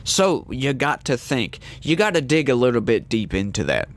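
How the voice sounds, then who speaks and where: A man's voice: mid-range voice, very animated, moderate pace. A man hosting a solo political commentary show, ranting in a heated, emphatic way.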